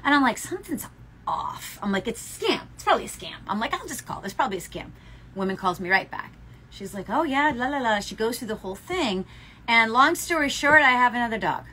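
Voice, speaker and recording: A woman's voice: fairly high pitch, animated, quick pace, bright, forceful tone, a little hiss or hum. A woman co-hosting a casual podcast chat in a yarn shop, telling stories and laughing often. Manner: chatty storyteller, laughs often. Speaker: podcast co-host.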